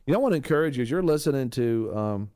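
A man's voice: mid-range voice, lively intonation, rapid-fire, warm tone, smooth, no room sound, clean studio sound, faint music behind. A man hosting a radio ministry show, preaching in an earnest, plain-spoken way and giving on-air announcements. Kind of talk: sermon commentary and radio announcements.

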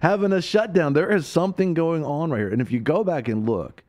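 A man's voice: fairly high pitch, brisk, darkish tone. A man hosting a Christian talk radio show, speaking in a preacherly way that rises to emphatic peaks.

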